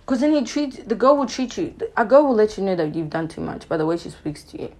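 A young woman hosts her own podcast and talks straight to her listeners about dating, firm and opinionated, often checking in with "you know what I'm saying". Her voice is mellow and warm rather than bright, and her chat is loose and animated. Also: medium pitch, quick pace. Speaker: podcast host. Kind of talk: casual relationship-advice monologue.

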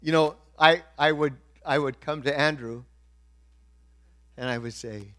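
A middle-aged male pastor preaching a sermon, swinging from quiet asides to loud, emphatic points. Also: fairly high pitch, measured pace, pauses often.

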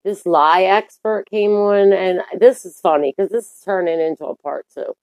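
A woman's voice: medium pitch, moderate pace, a little mellow, no room sound. A young adult woman hosting her own podcast in a candid, profane, rambling monologue full of fillers. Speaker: podcast host.

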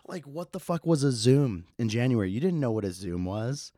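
A man's voice: mid-range voice, expressive, moderate pace, dark tone, no room sound, clean studio sound. A man in his twenties hosting a casual solo podcast, laid-back, swearing freely and laughing at his own stories. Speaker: podcast host.

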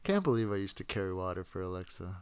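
A man co-hosting a casual podcast, speaking bluntly and with strong opinions. His voice has a smooth, clean tone at a middling pitch, and the sound is dry and close. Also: big pitch swings, quick pace, no room sound. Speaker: podcast co-host. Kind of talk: casual chat recapping wrestling.

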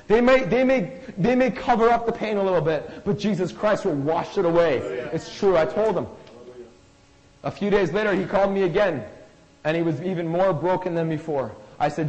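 A man's voice: fairly high pitch, brisk, in a large hall, muffled recording. A man preaching a sermon, earnest and emphatic, telling a personal story and often repeating words as he builds up. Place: church hall.

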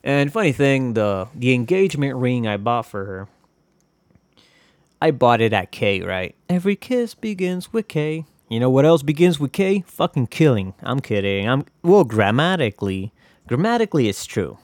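Guy rambling on his podcast, swears a ton, pitch jumps all over, dry close mic. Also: big pitch swings, normal speed, dry recording. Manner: rambling, swears a lot, jokey asides. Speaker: podcast host. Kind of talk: casual solo podcast monologue.

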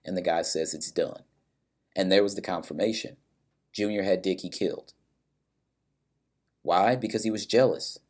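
Deep-voiced man recapping a plot. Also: moderate pace, pauses often, a little mellow. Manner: storytelling, briefly acting out quoted characters; blunt, with some swearing.

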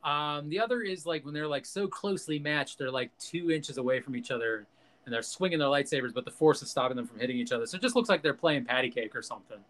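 A man's voice: on the high side, fast talker, fairly bright tone. A man hosting a podcast, ranting in casual, profane, jokey chat and acting out quotes. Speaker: podcast host.

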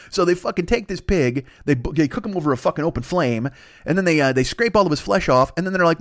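A man's voice: on the high side, expressive, quick pace. A man hosting a comedy podcast, improvising a rambling, profane story. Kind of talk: improvised comic rant.

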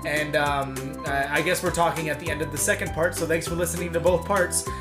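A woman with a low, deep speaking voice winds down a podcast episode in a relaxed, rambling way, full of fillers. Music plays clearly underneath her voice. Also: a little fast. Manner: rambling, filler-heavy, easygoing. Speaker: podcast co-host. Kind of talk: casual podcast sign-off.

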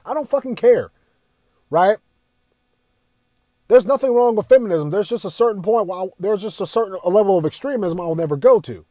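High-voiced man ranting, heavy swearing. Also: lively intonation, a little fast, long pauses, warm tone, no echo. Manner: profane, exasperated ranting. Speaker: gaming commentator. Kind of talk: ranting commentary.

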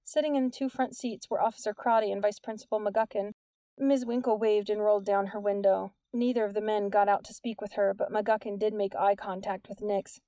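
Reading a scripted audiobook, a woman with a mid-range voice keeps her narration measured and even. No room sound is audible.

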